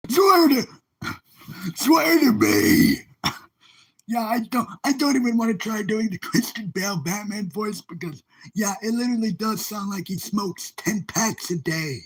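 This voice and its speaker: A man's voice: high-pitched, moderate pace, breathy edge. A man chatting casually to his viewers on a live stream, rambling and repeating upbeat exclamations. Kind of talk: casual livestream chat.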